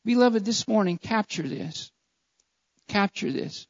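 A man's voice: sits high, lively intonation, a little slow, gravelly. Male pastor in his thirties, fervent sermon delivery, muffled lo-fi audio. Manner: fervent preaching with repeated appeals to the congregation. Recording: dull lo-fi sound.

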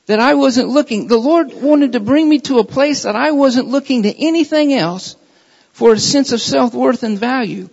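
A man's voice: very high voice, moderate pace, vocal fry, darkish tone, slightly rough. A man preaching a sermon in a church, earnest and repeating his phrases for emphasis. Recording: dull lo-fi recording with long hall reverb.

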